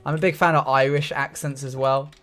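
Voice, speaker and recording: A man's voice: medium pitch, flat delivery, fairly quick, fairly bright tone. A young man chatting casually with his live chat while he plays a building game, reading comments aloud and joking. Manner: chatty, reads chat aloud, jokey asides. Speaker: streamer.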